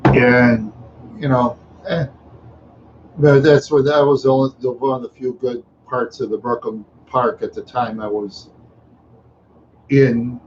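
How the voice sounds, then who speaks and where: A middle-aged man from Minneapolis tells meandering childhood stories, chuckling often and throwing in sound effects. His pitch sits in the middle for a man. The recording is dull and lo-fi, with a faint hiss behind it. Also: steady tone, unhurried, pauses often. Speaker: live streamer. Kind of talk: rambling storytelling.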